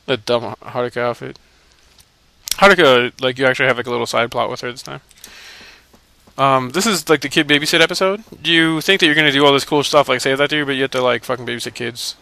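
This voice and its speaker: A man's voice: medium pitch, steady tone, fast, creaky, sharp tone, dry recording. A man giving casual, profane commentary over gameplay, laughing and mocking the characters. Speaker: video game let's-play commentator.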